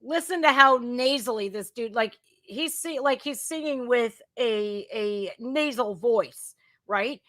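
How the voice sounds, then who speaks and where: A woman hosting a casual news commentary podcast, blunt, crude and sarcastic, swinging between loud outbursts and muttering. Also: on the high side, slow. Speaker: podcast host.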